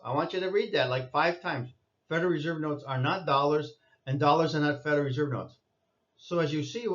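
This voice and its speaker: A man's voice: a little high, lo-fi sound. A man giving an insistent lecturing monologue, repeating his points and scolding listeners. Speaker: commentator.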